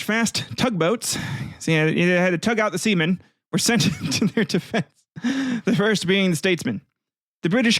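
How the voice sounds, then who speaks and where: A man's voice: fairly high pitch, no echo, clean studio sound. Profane, irreverent man hosting a history podcast. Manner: profane, irreverent, laughs often. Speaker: podcast host. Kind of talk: comedic history podcast narration.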